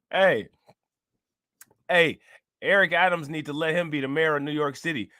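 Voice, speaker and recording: A man with a bright, forceful voice riffs on a news clip, laughing and mocking as he goes. The sound is dry and close, with a fairly high pitch for a man. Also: measured pace, dry recording. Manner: loud, laughing, mocking banter. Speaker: show host reacting to a news clip. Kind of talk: casual reaction commentary.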